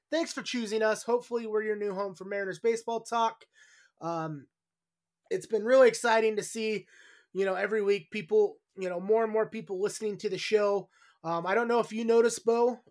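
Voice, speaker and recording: A man hosting a casual sports podcast, joking and rambling as he chats into his own microphone. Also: sits high. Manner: jokey, rambling. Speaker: podcast host.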